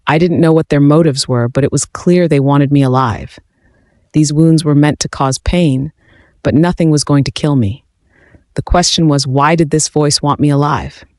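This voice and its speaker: A man's voice: on the high side, a little mellow, no echo. Man narrating a story, dry close sound. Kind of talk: scripted first-person story narration.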